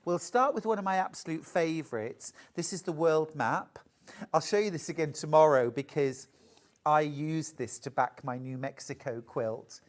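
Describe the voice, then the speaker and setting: A woman presenting a live sewing sales show, chatty and bubbly, reading out viewer messages between product pitches. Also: moderate pace, a little mellow. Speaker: shopping channel presenter. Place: TV studio.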